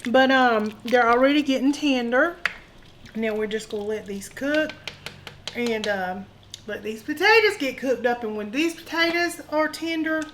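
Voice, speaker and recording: A woman's voice: on the high side, a little slow, a bit bright, a little hiss or hum, rough recording. A woman hosting a home cooking show, talking in a folksy, joking way and calling viewers honey. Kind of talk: casual cooking demonstration. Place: home kitchen.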